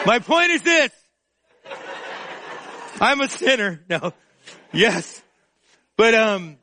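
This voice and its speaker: A male preacher with a notably high voice delivers a heartfelt sermon at an unhurried pace. He speaks in an emotional, confessional way and often slips into stretched-out spoken prayer. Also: big pitch swings, pushed and bright. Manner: emotional and confessional, praying aloud in drawn-out phrases.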